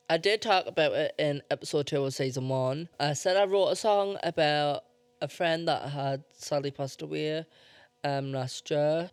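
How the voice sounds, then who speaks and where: A man's voice: a little high, clean tone, no room sound. A young man hosting his own podcast, rambling and emotional as he talks. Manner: rambling, self-interrupting, emotional. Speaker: podcast host. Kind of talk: casual solo podcast talk.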